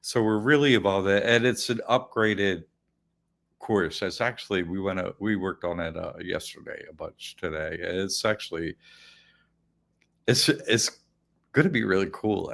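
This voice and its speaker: This is a male host with a low voice, talking casually to his audience. He rambles and often restarts his sentences, with frequent light laughs. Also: normal speed, gravelly, fairly bright tone. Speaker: host of an online academy show. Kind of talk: casual chat.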